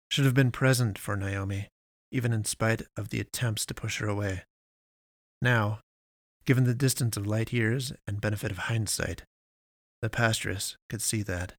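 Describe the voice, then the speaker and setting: A man narrating a science fiction story in a measured, deliberate way with long pauses. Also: lowish voice, no room sound, clean studio sound.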